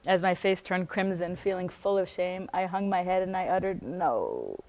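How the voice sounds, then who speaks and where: A woman's voice: lowish voice, flat delivery, normal speed, darkish tone. An American woman reading aloud from her own book, breaking off often into chatty asides and laughing as she goes. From United States.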